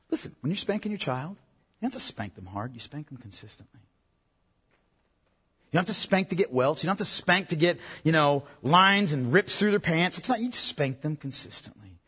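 Male pastor, husky, earnest sermon delivery, long church-hall reverb. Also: a little high, very animated, moderate pace, sharp tone. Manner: earnest, emphatic preaching to parents.

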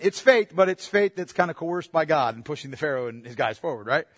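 A man preaching a sermon and reading scripture aloud, emphatic and at times shouting, slowing down to stress words. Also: on the high side, expressive, no echo, long reverb tail.

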